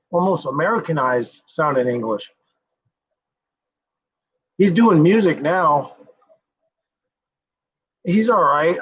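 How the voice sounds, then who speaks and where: A man hosting a casual livestream, rambling and cursing freely, often trailing off with fillers. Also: fairly high pitch. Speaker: livestream host. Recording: dull lo-fi sound.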